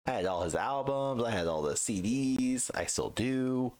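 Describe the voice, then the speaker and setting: A man's voice: mid-range voice, lively intonation, normal speed, darkish tone. A man in his thirties co-hosting a podcast, chatting casually, swearing freely and acting out what other people said. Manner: profane, ranting, acts out quoted voices. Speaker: podcast co-host. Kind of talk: casual chat.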